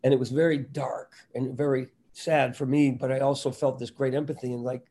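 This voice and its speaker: A man's voice: medium pitch, level tone, brisk, dark tone. A middle-aged man, a comedian and impressionist, talking animatedly and self-deprecatingly in an interview. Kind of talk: casual interview talk.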